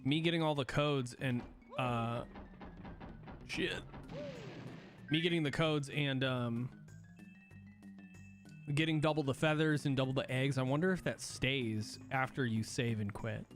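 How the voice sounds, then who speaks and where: A man's voice: mid-range voice, measured pace, pauses often. A young man streaming a game, chatting casually, rambling and swearing as he restarts his sentences. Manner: swears freely, rambling, self-correcting. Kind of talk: casual gaming stream chat. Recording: music playing behind.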